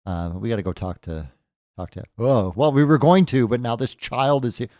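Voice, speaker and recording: A man's voice: mid-range voice, moderate pace, a little mellow, dry recording, studio quality. A man casually commentating as he plays a game for the first time, thinking aloud with jokey asides. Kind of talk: casual let's-play commentary.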